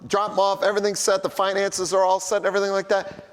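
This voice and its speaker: A man's voice: high-pitched, completely flat delivery, quick pace, smooth, big-room sound. A middle-aged man preaching a sermon as a pastor, telling everyday stories in a conversational, humorous way. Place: church sanctuary.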